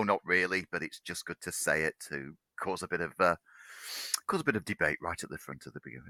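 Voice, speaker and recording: A man's voice: low-pitched, very animated, fairly quick, pushed and bright, no room sound. A man co-hosting a film podcast in casual chat, unwell and tired, rambling and laughing at his own slips. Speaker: podcast co-host.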